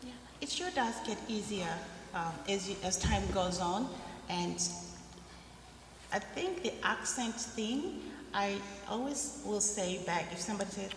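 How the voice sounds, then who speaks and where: An upbeat woman answers on a community panel as an immigrant and laughs often as she talks. She speaks in a church hall, and her voice rings out with a long echo. Clear background noise runs underneath. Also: mid-range voice, animated, a little slow.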